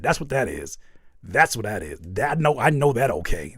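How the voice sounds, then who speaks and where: A man's voice: medium pitch, normal speed, breathy edge, dry recording, studio quality. Frank joking man hosting a live stream. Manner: animated, joking mock outrage at chat comments; frank, profane advice. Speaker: host reviewing music live.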